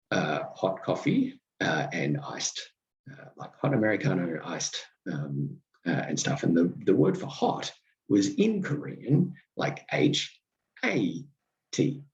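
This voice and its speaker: A man hosting a podcast, telling wry, self-deprecating stories in a halting way with many ums and restarts. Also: sits low, a little mellow, lo-fi sound. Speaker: podcast host. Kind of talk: reflective podcast monologue.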